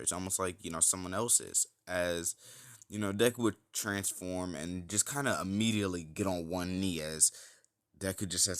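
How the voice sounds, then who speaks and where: A man's voice: sits low, fairly bright tone. A man narrating a fan-made what-if story in a casual, rambling way, full of fillers and the odd swear.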